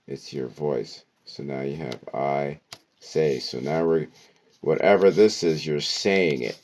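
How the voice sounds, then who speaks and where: Man, very low voice, slow deliberate delivery, esoteric word-decoding lesson, keeps saying okay. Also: a little mellow, a little hiss or hum. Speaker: teacher.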